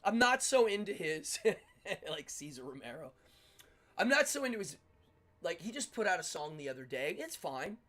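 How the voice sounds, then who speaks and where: A middle-aged man hosting a livestream, telling stories in a casual, animated way with frequent laughter. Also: sits high, moderate pace. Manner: animated, laughs often, acts out quotes. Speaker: livestream host. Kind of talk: casual storytelling chat.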